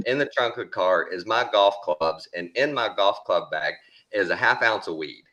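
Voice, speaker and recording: A middle-aged man with a Texan accent telling a story in a casual, animated drawl, swearing freely. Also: on the low side, normal speed, dull audio. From Texas.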